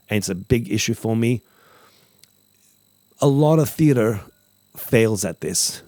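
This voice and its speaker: A man hosting a podcast, talking casually about acting craft, animated and repeating phrases for emphasis while acting out example lines. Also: on the low side, no room sound. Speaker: podcast host, acting teacher.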